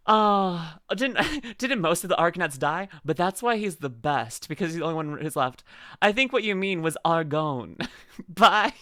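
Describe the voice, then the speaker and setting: A woman's voice: lowish voice, expressive, a little slow, fairly bright tone, dry recording, clean studio sound. A young adult woman streamer chatting casually and playfully, often laughing as she reads chat aloud. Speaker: VTuber streamer.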